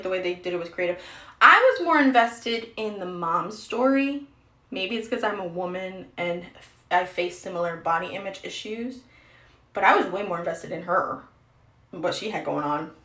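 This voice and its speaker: A woman's voice: fairly low pitch, lively intonation, normal speed, a bit bright. Chatty young woman streamer, roomy echo. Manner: chatty, rambling, self-deprecating. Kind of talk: casual get-ready-with-me stream chat.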